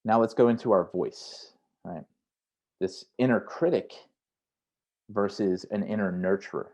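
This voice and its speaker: A man's voice: on the low side, a little slow, darkish tone, dull audio. A man who is a career coach, giving an online workshop in a conversational way and often checking in with "right?". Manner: conversational, frequent "right?" tags; acts out inner voices in quotes.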